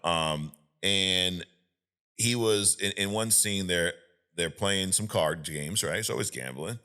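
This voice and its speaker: A man in a casual podcast chat, swearing freely and retelling movie scenes with lively energy. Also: low-pitched, takes it slowly, clear, resonant tone. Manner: profane, animated storyteller who acts out scenes. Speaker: podcast co-host.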